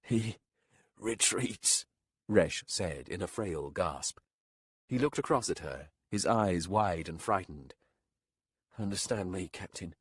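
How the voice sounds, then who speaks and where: Frightened warlock for a fantasy audiobook, rough hissing voice, lifted higher and louder than the narration, played by a male narrator. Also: lively intonation, takes it slowly, no room sound, studio quality, heavily acted. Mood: frail. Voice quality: rough hiss.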